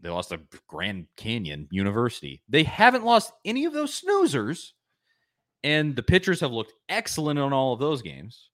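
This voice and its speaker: A man hosting a casual sports podcast, excitable, given to bursts of laughing and shouting. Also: mid-range voice, moderate pace, no echo, clean studio sound. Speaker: podcast host.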